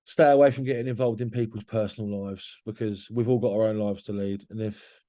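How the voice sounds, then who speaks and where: A man's voice: on the low side, fairly even intonation, brisk, dark tone. A man talking candidly as a podcast guest, blunt and swearing freely, often restarting his sentences.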